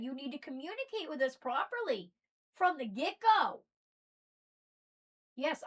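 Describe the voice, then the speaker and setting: A high-pitched woman with a mixed Southern and Northern American accent delivers a preachy rant to camera. Her volume lurches from near-shouted outbursts to quiet, dropped asides. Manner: ranting, preachy, swings between loud and soft. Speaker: spiritual video host. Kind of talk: impassioned monologue.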